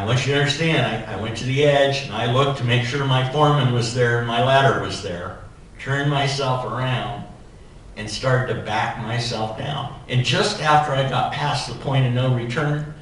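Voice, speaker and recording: A man's voice: medium pitch, fairly bright tone, slight background noise. Echoey, distant man telling a humorous story. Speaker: society president giving a keynote. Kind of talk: keynote speech with personal anecdote. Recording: echoey hall, voice from far off.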